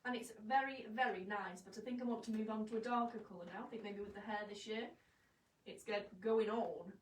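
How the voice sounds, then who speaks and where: A chatty woman hosts a live fashion vlog from a shop studio, joking and poking fun at herself as she shows off clothes. Her voice sits at a middle pitch. It is picked up from a distance in a roomy space, with a faint hum underneath. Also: fairly quick. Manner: chatty, jokey and self-mocking.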